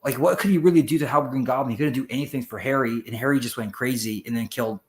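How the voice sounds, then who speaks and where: Dude rambling on a podcast, swearing nonstop, super animated. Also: male voice, medium pitch, fast. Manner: rambling, profane, animated, acts out character voices. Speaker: podcast guest. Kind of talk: casual chat.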